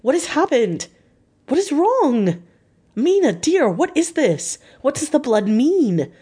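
A woman's voice: medium pitch, normal speed, a little mellow, close to an everyday voice. A woman reader voicing a panicked young husband who cries out in pleading, breathless bursts. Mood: frantic.

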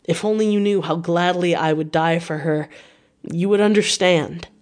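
A woman reading the lines of an anxious, devoted young gentleman who speaks eagerly and earnestly in a storybook reading. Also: fairly low pitch, normal speed, close to an everyday voice. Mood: heartfelt.

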